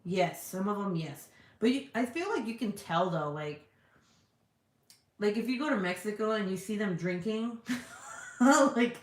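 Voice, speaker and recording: A woman vlogger chatting casually and answering viewer comments, frank and profane and quick to laugh. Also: medium pitch, animated. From United States. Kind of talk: casual chat. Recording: echoey room.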